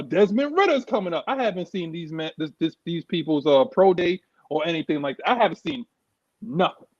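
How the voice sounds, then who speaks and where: High-pitched new york guy ranting about his team, dry muffled sound. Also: dry recording. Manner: emphatic, fired-up, repeats himself. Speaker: sports show co-host. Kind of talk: heated casual sports talk.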